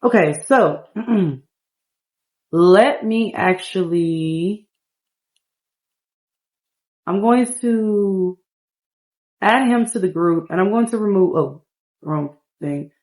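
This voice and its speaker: A woman narrating her life-sim gameplay in a rambling, relaxed storytelling manner. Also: mid-range voice, very slow, pauses often. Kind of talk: casual game narration.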